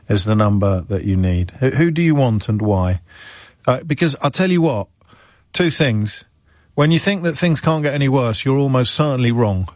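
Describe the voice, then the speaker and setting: A man's voice: medium pitch, dry recording. English guy hosting a radio phone-in, wry and rambling, dry studio mic. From England. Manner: wry, discursive, repeats words when restarting. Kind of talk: talk radio monologue. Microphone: studio microphone.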